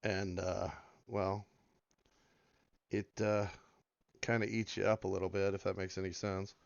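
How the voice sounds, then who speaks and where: A man with a hoarse voice from being sick, rambling casually as he comments on a game and drifts between topics. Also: low voice, level tone, a little slow, no room sound, lo-fi sound. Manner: rambling, meandering, many fillers. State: hoarse from illness. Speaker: game video host.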